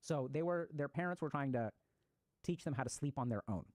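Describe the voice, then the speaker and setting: Male psychiatrist, quick casual lecture, acts out examples as he goes. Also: fairly high pitch, lively intonation, darkish tone, no room sound. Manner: fast, conversational, acts out example voices. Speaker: psychiatrist giving a talk.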